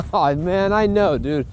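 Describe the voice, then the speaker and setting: Animated man coaching a dog outdoors. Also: slight background noise. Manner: upbeat, praising the dog in a high cheerful voice. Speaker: dog trainer. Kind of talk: casual commentary while training a dog. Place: outdoors in a field.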